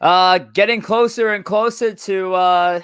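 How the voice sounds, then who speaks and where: A man hosts a laid-back sports podcast, joking at his own expense and rambling through fillers. His voice is bright and forceful, pitched a little high. The sound is dry and close. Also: fairly even intonation, a little slow, clear, resonant tone, dry recording. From New York area. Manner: chatty, self-deprecating, loose filler-heavy delivery. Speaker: podcast host. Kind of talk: casual sports podcast chat.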